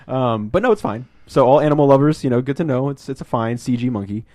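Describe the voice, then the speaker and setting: A man hosting a casual podcast, talking about a film, rambling and swearing and acting out scenes in quick put-on voices. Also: mid-range voice, warm tone, no room sound. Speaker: podcast host.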